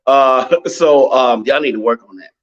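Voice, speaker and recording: A man's voice: mid-range voice, unhurried, lo-fi sound. A man co-hosting a podcast, chatting casually and agreeing often. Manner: affirming, frequent agreement. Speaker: podcast co-host. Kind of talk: casual chat.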